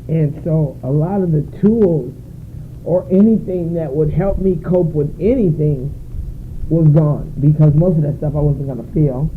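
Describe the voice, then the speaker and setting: A woman sharing her story at a recovery meeting, emotional and searching, often halting. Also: low voice. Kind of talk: personal share at a meeting. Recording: tinny phone-like recording with faint noise.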